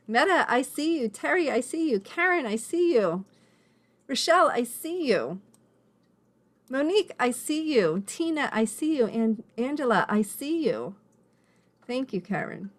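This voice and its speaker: A woman leading a live online women's class over a video call, earnest and emotional, encouraging people by name. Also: a little high.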